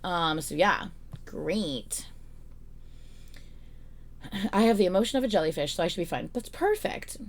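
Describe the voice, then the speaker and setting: A woman's voice: fairly low pitch, expressive, unhurried, pauses often. A young woman streaming from home in casual chat, swearing freely and ranting in a rambling, exasperated way.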